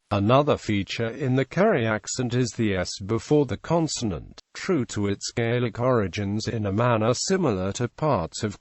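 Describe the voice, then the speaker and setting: A man's voice: lowish voice, no room sound. A male synthetic narrator reading an encyclopedia article aloud. He reads the text literally and stumbles over phonetic notation.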